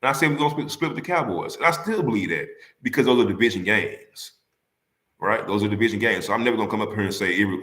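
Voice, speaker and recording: A man's voice: mid-range voice, lively intonation, quick pace, a bit bright, roomy sound. A man hosting a casual sports talk livestream, arguing heatedly with rival fans, repeating himself and firing rhetorical questions at the audience.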